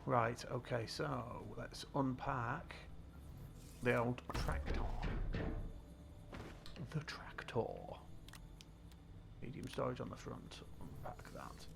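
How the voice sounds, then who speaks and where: A man's voice: mid-range voice, gravelly, background noise. A British man streaming a game live, talking to himself in a casual, muttering way as he plays. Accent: British English. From Britain. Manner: muttering to himself while playing.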